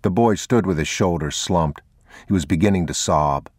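A man narrating an audiobook in a measured, unhurried, even delivery. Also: low voice, dry recording, studio quality.

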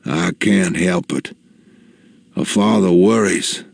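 A man voicing his dying elderly father, who speaks slowly and shakily, gruff and teasing yet worried for his son. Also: sits low, no echo, full character voice. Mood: earnest. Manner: slow, shaky, halting delivery.

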